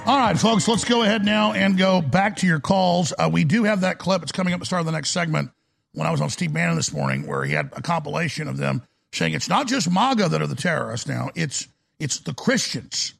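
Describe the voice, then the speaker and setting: A man's voice: a little high, vocal fry, slightly rough. A male talk radio host ranting through a call-in show, often stumbling and restarting words.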